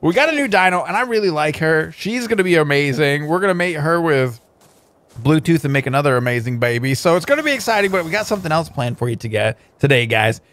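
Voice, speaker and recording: A man hosting a gameplay video, upbeat and excitable, joking with a guest. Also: on the high side, quick pace. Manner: upbeat and excitable, playful banter. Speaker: host. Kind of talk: casual gameplay commentary.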